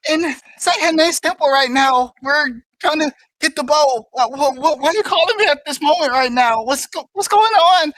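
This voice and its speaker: Lady doing a squeaky breathless adventurer girl, all panicky and teary, bright sharp voice. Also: no room sound, rough recording. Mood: frantic. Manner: distraught, rapid, breaking into sobs. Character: frantic young woman adventurer on a call.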